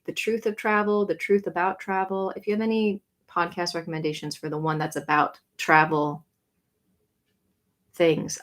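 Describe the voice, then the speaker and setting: A young woman chatting casually on a livestream, answering comments with lots of "like" and quick, bright greetings. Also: lowish voice. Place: home room.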